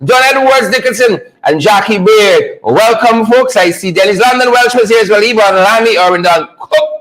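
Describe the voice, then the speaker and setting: High-voiced playful man hosting a livestream. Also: lively intonation, normal speed, a bit bright, poor audio. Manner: playful, teasing, repetitive, laughs often. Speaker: online show host. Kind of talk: casual live-stream talk.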